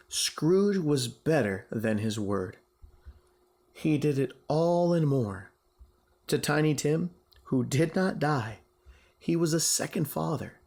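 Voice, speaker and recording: A teacher reading a classic story aloud to his class. His delivery is slow and very expressive, rising and falling widely, with a gravelly, somewhat husky voice. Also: on the high side.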